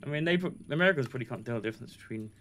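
Bright, animated man. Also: medium pitch, racing. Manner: easygoing, hedging chat. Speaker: gamer co-host. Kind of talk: casual chat while gaming.

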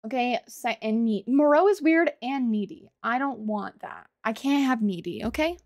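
A woman's voice: a little high, expressive, normal speed, no room sound, studio quality. A woman live-streaming a game, chatting to viewers, swearing freely and laughing often.

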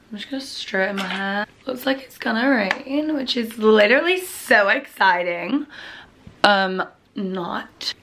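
A woman's voice: mid-range voice, background noise. A young woman chatting candidly to camera in a home vlog, grumbling and sometimes dropping to a murmur. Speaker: vlogger. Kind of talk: casual vlog chat. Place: at home, bedroom.

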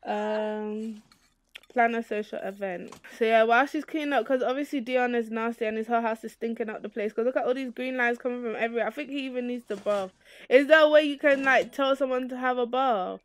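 A woman hosting a let's play, giving casual, excitable commentary on her game and cursing freely. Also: on the high side, fairly quick. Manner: excitable, chatty, swears freely.

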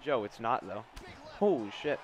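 A young man giving live gameplay commentary, trash-talking his opponent, swearing and erupting into shouts. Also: mid-range voice, sing-song, normal speed, highs cut off, crowd noise. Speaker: gaming YouTuber.

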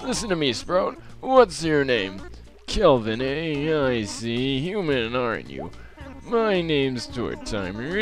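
A young gamer voicing an old male turtle mayor who drawls slowly and talks like a folksy grandpa. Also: mid-range voice, voice pushed up. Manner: drawls slowly, calls the listener whippersnapper.

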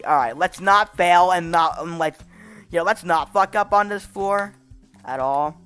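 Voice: mid-range voice, a little slow, fairly bright tone, clean tone, faint music behind. A gaming channel host giving gameplay commentary, frustrated and swearing, with raging outbursts.

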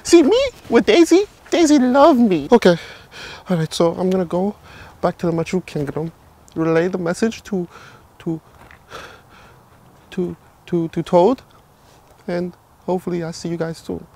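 A man's voice: sits high, a little slow, long pauses, mellow. A man playing Luigi, a cowardly plumber who rambles, jokes and panics in a comedy skit. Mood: panicked. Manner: rambling, jokey, jumpy, keeps panicking. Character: jittery cowardly adult male plumber Luigi. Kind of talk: comedy skit role-play. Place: outdoors in a village.

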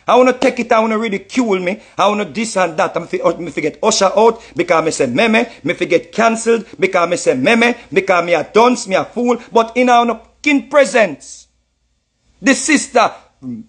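A man's voice: high voice, sing-song, normal speed, fairly bright tone, breathy edge. A man with a Jamaican accent, reacting to clips in heated commentary, repeating himself in an indignant, mocking way. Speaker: reacting artist.

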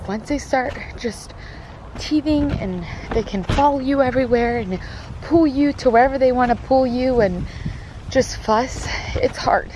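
A woman's voice: sits high, unhurried, background noise. A young woman, a mother, chatting casually straight to her viewers on a handheld phone camera as she goes through her day at home and on a walk, with lots of "like" and "literally". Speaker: vlogger mom. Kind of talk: casual day-in-the-life vlog. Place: home, then outdoors on a walk and at a park. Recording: music playing underneath.

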